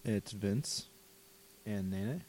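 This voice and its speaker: A young man co-hosting a radio music show. He talks in a relaxed, easygoing way and fills his sentences with ums and uhs. His voice sits somewhat low with a dark, mellow tone. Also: extremely slow. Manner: easygoing, many fillers. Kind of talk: casual radio chat.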